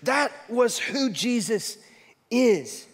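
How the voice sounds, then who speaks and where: Man, pastor, lively sermon storytelling, high-pitched, long hall reverb. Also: husky. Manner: animated storytelling with quick shifts in loudness.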